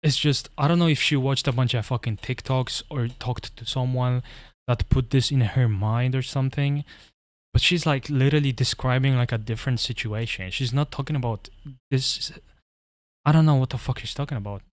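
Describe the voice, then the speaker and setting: A man's voice: medium pitch, moderate pace, no room sound. A man telling a story in a casual, profane rant, rambling and often restarting his sentences. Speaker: commentary vlogger.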